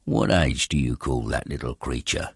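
A man reading aloud, voicing a shrewd detective who asks brisk, probing questions. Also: extremely low pitch, expressive, creaky, slightly rough, no echo, clean studio sound, full character voice.

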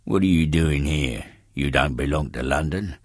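Man doing a sharp detective, really deep voice, quick probing questions, dry sound. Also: breathy edge, no echo.

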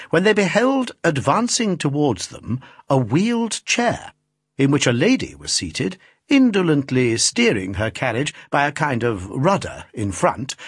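A man narrating a classic novel as an audiobook, reading in an expressive, theatrical manner. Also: mid-range voice, slightly rough, no echo, clean studio sound.

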